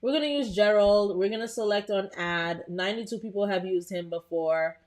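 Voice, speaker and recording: A young adult woman hosting a live tutorial in a casual, chatty way, talking to viewers and filling pauses with um. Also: medium pitch, darkish tone. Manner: chatty, talks to live viewers, frequent "um" and restarts.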